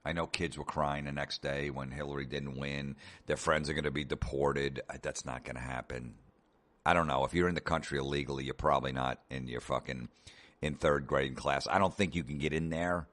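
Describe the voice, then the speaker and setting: Very deep-voiced man ranting profanely. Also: fairly even intonation, fairly quick, fairly bright tone. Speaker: podcast host. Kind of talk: comedic ranting monologue.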